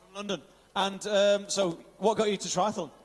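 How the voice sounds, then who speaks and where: A man's voice: high-pitched, level tone, moderate pace, long reverb tail. A man announcing and interviewing at the finish of an outdoor race, upbeat, reeling off finisher names and slipping in Welsh phrases. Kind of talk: live event commentary. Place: outdoor finish area of a triathlon.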